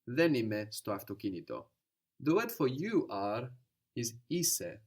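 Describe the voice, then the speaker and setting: A man's voice: mid-range voice, sing-song, a little slow. A man teaching a language lesson, patiently explaining and prompting his student.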